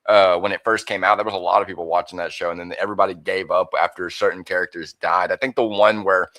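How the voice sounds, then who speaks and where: Deep, bright-toned laid-back man. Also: fairly even intonation, fast, dry recording. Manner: laid-back, rambling with fillers. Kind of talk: casual chat.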